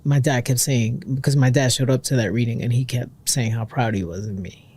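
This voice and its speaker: A man co-hosting a podcast in casual heart-to-heart chat, a supportive listener who keeps affirming with quick agreements. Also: mid-range voice, fairly even intonation, darkish tone, slightly rough. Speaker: podcast co-host.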